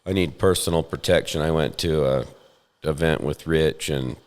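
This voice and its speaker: Man, very low voice, chuckling storyteller, podcast host, long room reverb. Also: normal speed. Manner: chuckling, self-deprecating storyteller. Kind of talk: storytelling in casual chat.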